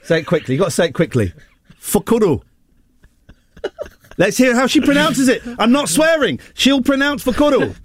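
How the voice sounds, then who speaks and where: A man's voice: very high voice, big pitch swings, fast, hardly any pauses, fairly bright tone. A man hosting a radio show, joking and rambling playfully with his co-hosts. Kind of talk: casual on-air banter.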